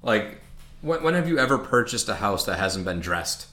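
A man's voice: fairly low pitch, very animated, moderate pace, echoey room, a loud crowd. A man co-hosting a movie review podcast, talking in a wry, mocking way. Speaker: podcast co-host. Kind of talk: casual movie review chat.

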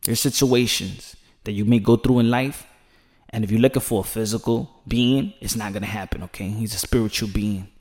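A man giving passionate, preachy commentary in a vlog, swinging from hushed to loud and emphatic. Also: lowish voice, steady tone, brisk. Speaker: commentary vlogger.

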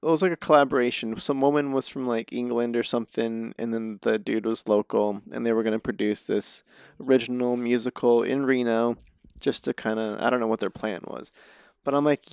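A man's voice: mid-range voice, steady tone, brisk, vocal fry, darkish tone, clear, resonant tone, no echo, clean studio sound. A man, an actor and comedian, telling stories as a guest in a casual interview, rambling and self-deprecating, often laughing.

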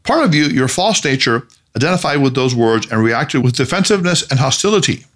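A man's voice: medium pitch, expressive, fairly quick, natural voice. A man voicing a mischievous, teasing male sage who talks in a soothing tone.

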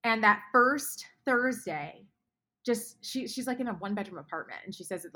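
A woman guest author speaking earnestly in a faith podcast conversation, often dropping to hushed tones. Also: mid-range voice, expressive, moderate pace.

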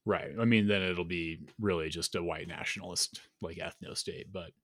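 A man's voice: low voice, steady tone, normal speed, fairly bright tone, no room sound, studio quality. A man co-hosting a casual chat, arguing and explaining his points with lots of "like" and "you know".

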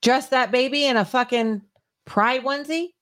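A woman's voice: sits high, normal speed, fairly bright tone, no echo, studio quality. A woman co-hosting a political podcast, blunt and joking, swearing casually in banter. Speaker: podcast co-host.

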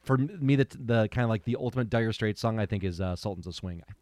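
A man co-hosting a podcast in casual chat, animated and rambling, swearing freely and filling with "like". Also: on the low side, quick pace, dry recording. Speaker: podcast co-host.

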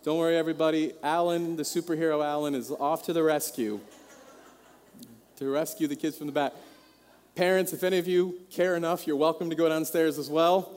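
Man, pastor, sermon, earnest, high voice, long hall reverb. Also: steady tone, brisk, darkish tone. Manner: earnest, asks the congregation many questions. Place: church hall.

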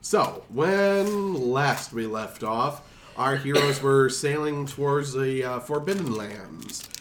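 A young man, stuffed up from a cold, hosts a tabletop game as dungeon master. His pitch swings widely as he laughs and trails off into fillers. A light hiss sits behind his voice. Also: animated, slow, a bit bright. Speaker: dungeon master and podcast producer. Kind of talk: casual chat, running a tabletop game.

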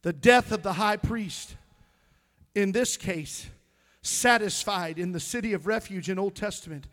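A man preaching in a church, his voice high and bright. He tells stories, drops to a hush, then builds to shouting climaxes. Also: unhurried. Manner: storytelling preacher, swings from hushed to shouting. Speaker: pastor. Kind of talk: sermon. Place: church sanctuary.

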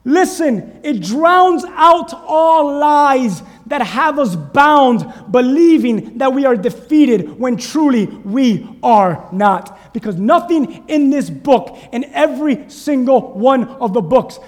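A man's voice: very high-pitched, expressive, takes it slowly, few pauses, big-room sound. A male pastor preaching a sermon, urging his congregation with fervent call-and-response.

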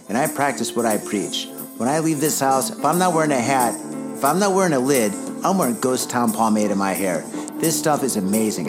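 Man, ad read, brash, boastful, mid pitch, music behind. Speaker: ad reader. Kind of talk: spoken ad read. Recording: voice over loud music.

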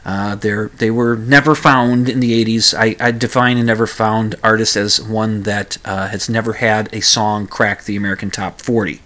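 A man's voice: fairly low pitch, steady tone, normal speed, hardly any pauses, sharp tone. Rambling man hosting a radio talk show. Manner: rambling, hesitant, full of "uh" fillers and restarts. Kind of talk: casual solo radio talk.

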